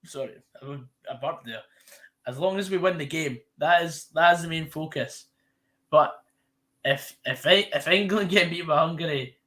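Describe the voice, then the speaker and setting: Scottish lad, 20s-30s, casual watch-along host; rambling, self-correcting delivery. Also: male voice, a little high, a bit bright. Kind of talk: casual live commentary chat.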